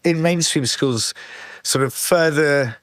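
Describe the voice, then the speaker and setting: A man hosting a podcast, chatting in a measured way, thinking aloud and hedging his points. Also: on the high side, dry recording, studio quality. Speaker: podcast host. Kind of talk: casual chat.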